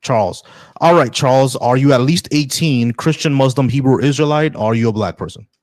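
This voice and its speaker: Male call-in debate host, blunt, stammers and restarts, mid pitch, dry close mic. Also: darkish tone, no room sound. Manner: blunt, repeats himself, halting restarts.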